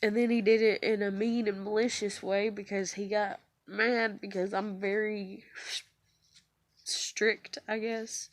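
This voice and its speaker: A woman's voice: medium pitch, flat delivery, a little slow, dry recording. A woman, telling a personal story in a rambling, confessional way, her voice tearful and breaking. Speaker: vlogger.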